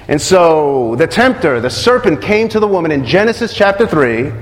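A man's voice: on the high side, big pitch swings, moderate pace, few pauses, long reverb tail. A man preaching a sermon, asking the congregation questions and repeating key phrases.

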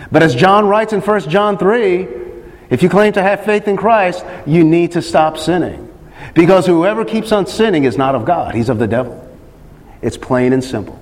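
A man's voice: high voice, big-room sound. A man preaching a sermon, emphatic, repeating phrases and putting questions to his listeners.

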